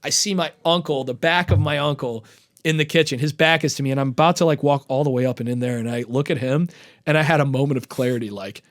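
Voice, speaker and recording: A young adult man, a podcast guest, telling a long story in casual, profane and animated fashion. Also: medium pitch, quick pace.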